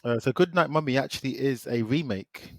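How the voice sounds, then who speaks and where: A man's voice: mid-range voice, brisk, no room sound, studio quality. A man co-hosting a podcast, giving short reactions and then explaining in a casual way. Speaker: podcast co-host. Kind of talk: casual film review chat.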